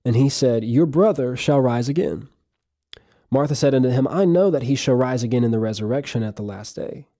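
A man's voice: mid-range voice, a little fast, warm tone. A man preaching a sermon, earnest and emphatic, reading scripture aloud and explaining it.

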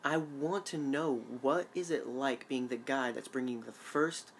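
A man's voice: medium pitch, steady tone, unhurried, a little hiss or hum. A man co-hosting a casual fan chat, eager and rambling with lots of restarts. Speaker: show co-host.

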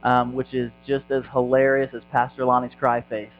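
A man's voice: medium pitch, monotone, moderate pace. A man from Indiana who pastors a church, speaking as a guest at a church service with self-mocking humor and lots of ums. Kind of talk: casual sermon talk. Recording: dull sound with faint mains hum.

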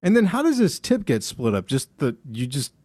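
A man's voice: on the high side, normal speed, dry recording, studio quality. A man co-hosting a casual comedy podcast, telling anecdotes and acting out other people's voices, with lots of swearing. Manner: animated, acts out voices in anecdotes, heavy swearing. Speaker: podcast co-host.

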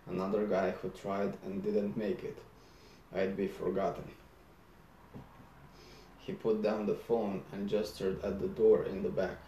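A man narrating a first-person story aloud in a measured, deadpan manner. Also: low voice, highs cut off, a little hiss or hum. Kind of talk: first-person audiobook reading. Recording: roomy echo.

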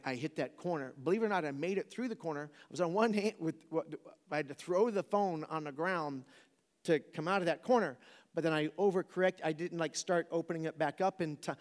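A man's voice: a little high, brisk, long reverb tail. A man in his forties, a preacher telling a funny personal story to a live audience, casual and joking, often asking the crowd questions.

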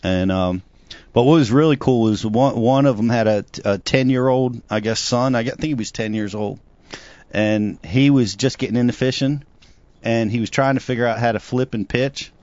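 A man co-hosting a talk show, telling long rambling stories in a casual, animated way. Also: mid-range voice, normal speed, no echo, lo-fi sound. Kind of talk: casual chat.

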